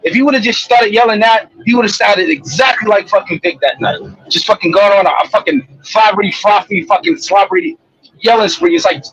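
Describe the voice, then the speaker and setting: A man's voice: sits high, fairly quick, a bit bright, husky, dull audio. A man on a live-stream panel, telling a rambling, profane story in casual chat.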